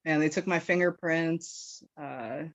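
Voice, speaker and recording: A woman's voice: low voice, fairly even intonation, slow, no echo. Woman from Wisconsin, podcast guest spinning a story, foul-mouthed and giggly, heard on a dead, muffled lo-fi track. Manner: profane, rambling, laughs often, filler-heavy. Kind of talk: casual storytelling. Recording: dull, dry lo-fi recording.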